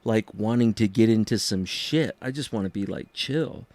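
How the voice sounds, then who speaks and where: A man hosting a podcast, chatting casually and animatedly, acting out quoted lines in a higher voice. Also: moderate pace, dry recording. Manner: animated storyteller, acts out quotes in a high voice. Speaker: podcast host. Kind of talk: casual chat.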